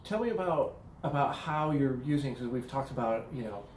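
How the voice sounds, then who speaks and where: A man's voice: mid-range voice, animated, moderate pace, reverberant, a little hiss or hum, rough recording. A man interviewing a guest in a casual conversation, thoughtful and hesitant, restarting his sentences.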